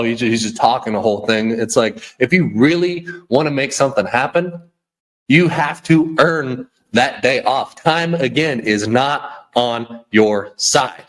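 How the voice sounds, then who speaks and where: A man's voice: mid-range voice, a bit bright. A man hosting a podcast, giving a blunt, preachy motivational rant full of repeats and "okay?". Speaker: podcast host.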